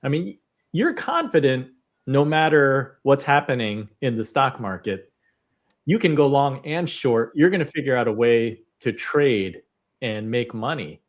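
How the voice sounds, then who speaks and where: A man's voice: medium pitch, animated, a little slow. A man hosting a live panel, relaying viewer questions and asking direct follow-ups. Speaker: host.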